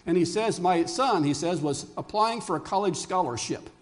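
Older male pastor, high voice, animated sermon storyteller who quizzes the congregation. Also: moderate pace.

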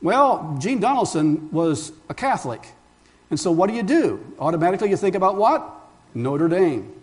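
A man's voice: high voice, very animated, moderate pace. A male pastor preaching a sermon emphatically, asking rhetorical questions and calling the congregation friends. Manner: addresses listeners as friends.

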